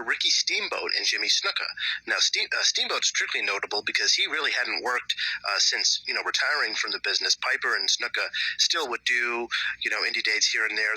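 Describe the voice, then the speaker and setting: A man's voice: lowish voice, pushed and bright, breathy edge, no echo, poor audio. A man hosting a casual interview, setting up questions about wrestling history. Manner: conversational, asks leading questions. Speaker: interview host.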